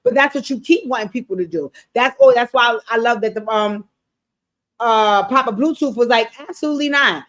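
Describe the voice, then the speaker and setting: A woman giving a casual recap of a TV episode, animated and blunt, swearing freely and talking straight to her viewers. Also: a little high, moderate pace. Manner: animated, blunt and profane, addressing viewers directly. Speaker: TV show recap streamer. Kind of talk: casual show recap commentary.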